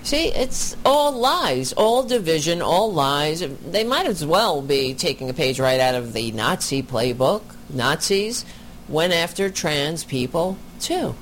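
Reaction commentator, indignant, sarcastic, slow-paced, animated pitch, faint noise.

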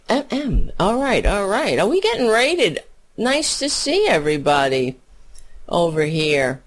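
A hoarse woman doing a profane, scornful political rant on a livestream, often clearing her throat and laughing. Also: mid-range voice. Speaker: political commentator.

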